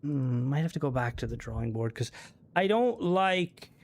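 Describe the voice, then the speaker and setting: A man's voice: mid-range voice, animated, normal speed, darkish tone. A man streaming a game, thinking aloud and mumbling as he builds a ship in casual commentary.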